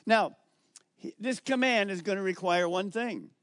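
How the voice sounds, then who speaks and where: A middle-aged male pastor preaching a sermon, emphatic and slowing down on key words as he reads scripture aloud. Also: high voice, a bit bright, no echo, clean studio sound.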